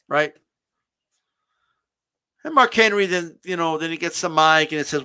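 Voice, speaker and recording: Bright, high-pitched male streamer host, loose and animated, swears freely. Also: unhurried, pauses often, clean tone. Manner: animated, repetitive restarts, swears casually. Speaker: streamer hosting a live wrestling talk. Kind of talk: casual ranting commentary.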